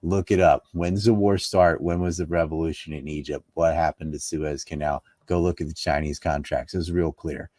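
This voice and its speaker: A man's voice: rumbling low, fairly even intonation, moderate pace, hardly any pauses, darkish tone, no echo. A man from North Carolina giving an interview, talking politics in an emphatic, argumentative, scoffing way. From North Carolina, USA. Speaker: interview guest. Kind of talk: casual political talk.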